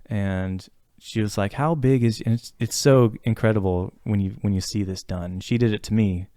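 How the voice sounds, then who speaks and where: A man's voice: lowish voice, steady tone, moderate pace, mellow, no room sound, studio quality. A man co-hosting a podcast, talking in a reflective, earnest way with lots of fillers and restarts. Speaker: podcast co-host talking about therapy. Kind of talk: casual podcast conversation.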